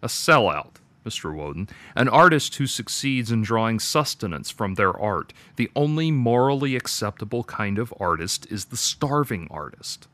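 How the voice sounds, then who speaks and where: A man's voice: lowish voice, sing-song, normal speed, hardly any pauses, pushed and bright, no echo. A man voicing a stern talking tree that lectures an artist with disapproval. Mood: disapproving.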